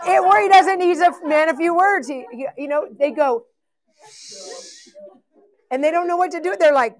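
A woman's voice: high-pitched, normal speed, pauses often. A woman leading a live ministry training session, blunt and joking as she teaches. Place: church event hall.

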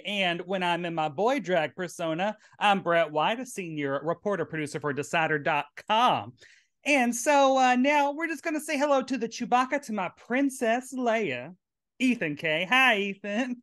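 A man's voice: high voice, moderate pace, a bit bright. A man from Tennessee with a Southern accent, hosting a casual podcast chat in his drag queen persona, playful and chatty. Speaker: podcast host.

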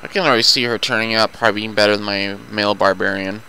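A man's voice: on the low side, steady tone, racing, gravelly, bright, forceful tone, slight background noise, low-quality recording. A man chatting casually and profanely while playing a video game with a friend. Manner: profane, loose and talkative. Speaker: gaming commentator. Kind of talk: casual gameplay chat.

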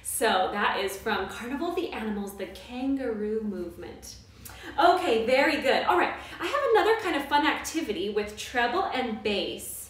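Woman, kids' music teacher, sing-song and coaxing, lively swooping pitch, heavy room echo. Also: normal speed. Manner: bright, sing-song, coaxing tone for small children. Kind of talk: live online kids' music class. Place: indoors at home during quarantine. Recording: very echoey room, mic at a distance.

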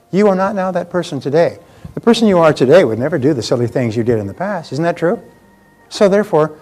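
A man's voice: on the high side, darkish tone. A man giving a live motivational seminar talk, emphatic and repeating key phrases for effect.

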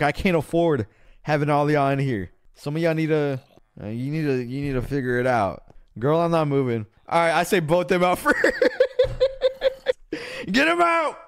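Young male streamer, excitable and profane, sudden yells; higher-pitched voice, close dry mic. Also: no room sound. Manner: excitable, swears a lot, shouts suddenly. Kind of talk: casual gaming livestream.

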